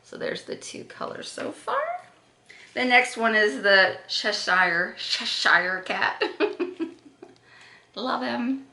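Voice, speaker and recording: Woman beauty vlogger, lively and unhurried, gushing chat, echo from the room. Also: a little high, gravelly. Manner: chatty and gushing, with gasps and self-corrections. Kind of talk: casual makeup unboxing chat. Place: echoey room. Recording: roomy echo.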